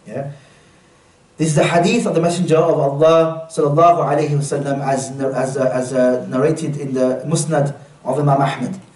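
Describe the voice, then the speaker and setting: A man's voice: on the high side, fairly even intonation, normal speed, a little mellow. A man leading a religious workshop for a live audience, talking earnestly and often putting questions to the room. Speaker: workshop speaker. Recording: echoey room, mic at a distance.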